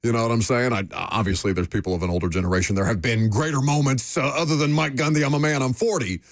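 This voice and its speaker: A man's voice: medium pitch, fast talker, dry recording, studio quality. A man hosting a sports radio show, joking and rambling loosely. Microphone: studio microphone.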